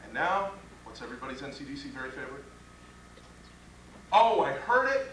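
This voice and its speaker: A criminal defense trial instructor teaches trial lawyers at a live workshop in a training room with an audience, blunt and profane, firing off rhetorical questions. His medium-pitched voice is sing-song, brisk and a bit bright. It's captured from a distance in an echoey room, with slight background noise.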